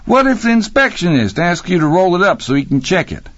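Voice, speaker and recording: A man voicing a naive young man with a high, plaintive voice. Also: very animated, a little fast, no room sound. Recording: dry, slightly muffled recording.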